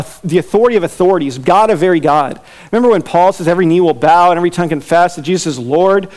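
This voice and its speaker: A man's voice: sits high, a little mellow. Emphatic male preacher. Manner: emphatic preaching, repeats key lines. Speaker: pastor. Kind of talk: expository sermon.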